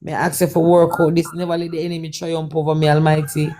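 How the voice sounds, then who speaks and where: A woman with a Jamaican accent and a somewhat low voice recounts a personal testimony as a guest. Her talk is laced with Patois, loops back on the same phrases, and acts out the exchanges she describes. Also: little pitch movement, fast, mellow, slight background noise. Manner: Patois-laced, repetitive retelling with quoted dialogue. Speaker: guest performer. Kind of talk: testimony storytelling.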